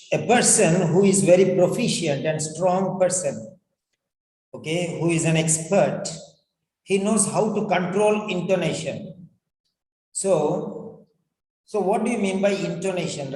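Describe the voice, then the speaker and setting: A man teaching a lesson on spoken English. He talks slowly, repeats himself and acts out example phrases. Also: high-pitched, darkish tone. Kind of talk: classroom lecture. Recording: echoey room with long reverb.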